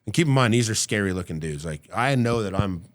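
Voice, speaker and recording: Low-voiced middle-aged man telling a story. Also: animated, fast talker. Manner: vivid storyteller who acts out the people he quotes; casual and profane. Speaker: podcast guest. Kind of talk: casual storytelling in an interview.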